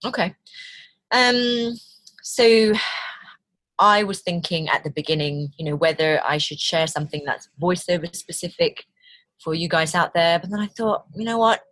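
A British woman, a voice actor, talking casually in an interview and telling lively stories with quoted voices. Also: fairly low pitch, moderate pace, no echo. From Britain. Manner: chatty, animated storytelling with quoted voices. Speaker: voice actor guest. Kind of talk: conversational interview.

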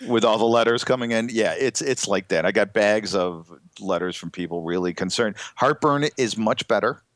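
A man's voice: on the low side, moderate pace, no room sound, studio quality. A middle-aged man with a congested nose, telling stories in rambling, hesitant casual podcast chat. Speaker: podcast co-host.

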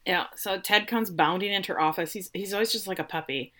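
A middle-aged woman in casual chat, recapping a TV episode with lively, swearing retellings. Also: mid-range voice, fast talker. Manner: animated retelling with swearing and laughs. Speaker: podcast co-host recapping a TV episode.

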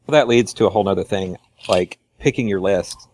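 Low-pitched man, dry quick comments in casual banter. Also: a little mellow, a little hiss or hum. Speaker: podcast co-host. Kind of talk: casual gaming chat.

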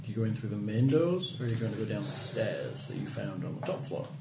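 A man running a tabletop game as game master, with dry, deadpan teasing. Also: on the low side, a little fast. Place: room with a group around a table. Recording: echoey room, distant from the mic, loud crowd noise.

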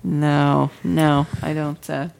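A woman with a very low, gravelly voice, trading dry, sarcastic remarks as a podcast co-host in casual conversation. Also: little pitch movement, slow pace, a little mellow, a little hiss or hum. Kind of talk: casual chat.

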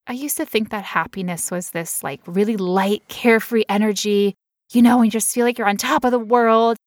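A woman's voice: medium pitch, steady tone, a little fast, no echo, clean studio sound. A woman telling a personal story in casual chat, candid and emotional, now and then putting on playful voices.

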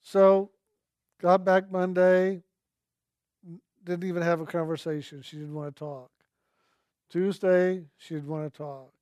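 A man telling a personal spiritual story in a gentle, earnest way, slowly repeating his key phrases. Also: sits high, little pitch movement, no echo, lo-fi sound. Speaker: speaker sharing a personal testimony.

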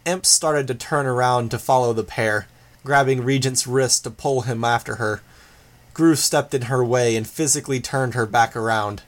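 Man reading fiction in a steady voice. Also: medium pitch, moderate pace. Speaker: audiobook reader. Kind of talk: scripted narration.

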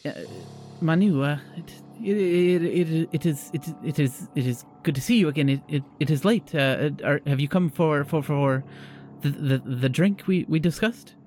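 A man's voice: on the high side, moderate pace, faint music behind, close to an everyday voice. A game master voicing a nervous, clingy male artist who stammers on nearly every word and gets frantic. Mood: stammering. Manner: constant stammering, rising to frantic yelling.

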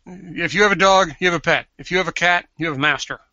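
A man co-hosting a casual podcast chat. He is teasing and blunt, with quick jabs. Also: high-pitched, sharp tone, no room sound. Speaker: podcast co-host.

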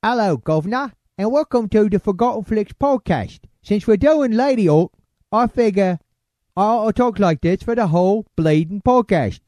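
A man's voice: very high-pitched, animated, drawn-out words, a little mellow, no room sound, studio quality, faint music behind, pitched above the performer's own voice, exaggerated voice. A man putting on a broad cockney accent as a brash, chummy bloke for a comedy bit. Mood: cheeky. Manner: exaggerated over-the-top impression.

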